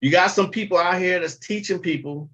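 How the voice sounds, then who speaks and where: A man's voice: sits high, fairly quick, a bit bright, highs cut off. A man hosting a casual livestream, talking bluntly and chattily and swearing freely. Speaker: livestream host.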